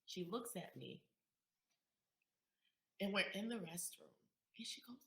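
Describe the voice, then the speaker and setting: Woman from Queens, emotional storyteller, bright tone, roomy echo. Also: fairly low pitch, a little slow, gravelly, long pauses. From Queens, New York, USA. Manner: emotional, emphatic, swings from loud to hushed. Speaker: guest, community activist. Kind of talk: heartfelt personal storytelling in conversation.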